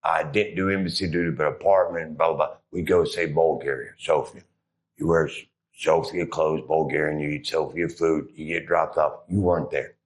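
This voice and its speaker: Middle-aged ex-Marine guest, very low voice, rambling crude storyteller. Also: male voice, steady tone, moderate pace. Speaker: interview guest, former Marine. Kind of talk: casual storytelling.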